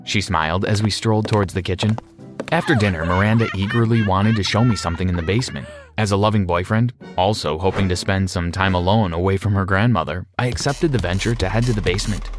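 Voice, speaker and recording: A man narrating a scripted story in a steady, measured reading voice. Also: deep voice. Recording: music behind.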